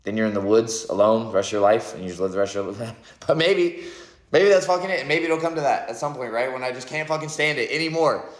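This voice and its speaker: A man's voice: medium pitch, quick pace. Rambling, reflective man in his thirties. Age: 30s. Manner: rambling, reflective, heavy on "like" and "right?", swears often. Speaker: vlogger. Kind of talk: spiritual monologue. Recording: echoey room.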